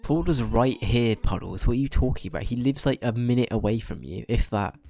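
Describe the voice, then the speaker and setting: A young man streaming a game, joking and chatting casually with quick asides. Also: mid-range voice, lively intonation, creaky, dark tone, no echo, soft background music. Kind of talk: casual gaming commentary.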